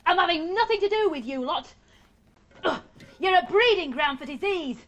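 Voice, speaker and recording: Squeaky, prickly TV puppet critter, high and bright, huffy and standoffish. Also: female voice, lively intonation, moderate pace. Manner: huffy, indignant. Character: fussy squeaky puppet creature, germ-phobic and prickly. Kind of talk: children's TV puppetry.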